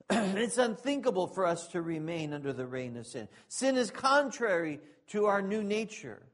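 A fairly high-pitched man preaches a sermon at an unhurried pace. He rises into loud, emphatic declarations, then drops to quiet, casual asides and jokes with the congregation. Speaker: pastor.

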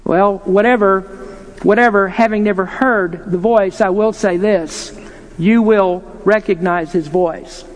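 A man's voice: sits high, fairly even intonation, unhurried. A man preaching an earnest, emphatic sermon, posing rhetorical questions to his listeners. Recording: long hall reverb.

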